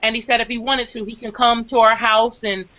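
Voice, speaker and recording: A woman telling a story in casual talk, animated, quoting others as she goes. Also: fairly high pitch, fairly quick. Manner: animated, quotes others in acted voices. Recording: dull lo-fi sound.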